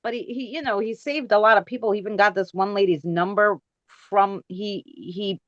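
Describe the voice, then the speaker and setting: A woman's voice: medium pitch, normal speed, no room sound. A woman co-hosting a casual livestream, telling stories in a rambling way with many restarts. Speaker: livestream co-host. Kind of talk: casual chat. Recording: dry dull-sounding audio.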